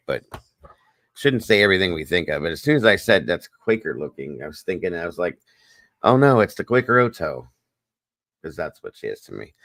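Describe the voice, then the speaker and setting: A man with a low voice hosts a casual livestream, reading and answering viewer comments. He talks in a chatty, wired way, like someone running on too much coffee. The sound is dry and close, with no room echo. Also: fairly bright tone. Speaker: livestream host.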